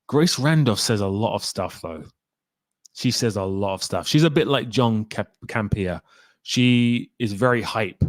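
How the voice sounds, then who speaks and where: A man's voice: on the low side, slow, long pauses, dry recording, studio quality. A man hosting a casual live stream about films, rambling and talking straight to his chat viewers by name. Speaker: film talk live stream host.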